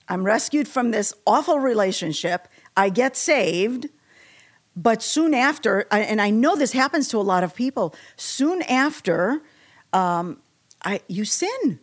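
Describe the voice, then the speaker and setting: A woman's voice: on the high side, unhurried. A woman giving a personal faith testimony, telling her story with feeling and acting out quotes. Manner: emotional, animated storytelling with acted quotes. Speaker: testimony speaker.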